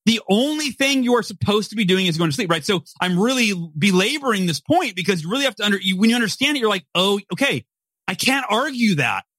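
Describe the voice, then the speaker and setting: A man's voice: high-pitched, lively intonation, fast talker, hardly any pauses, a bit bright, dry recording. A man in his forties, a guest author on a podcast, explaining emphatically and often ending points with "right?". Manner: emphatic, repetitive "right?" tag questions. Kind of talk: podcast interview, motivational explaining.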